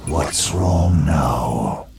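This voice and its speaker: A man doing a deep gravelly jailer. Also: expressive, very slow, music in the background, exaggerated voice. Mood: sardonic. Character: menacing male jailer holding a prisoner. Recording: echoey with rain behind.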